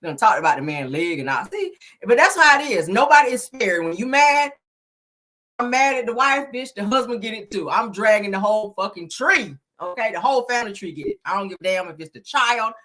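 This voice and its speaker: A woman hosting a casual gossip commentary show, animated and laughing as she talks. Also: medium pitch, fairly quick. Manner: animated, laughing, sprinkles "honey" and "child". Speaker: gossip channel host.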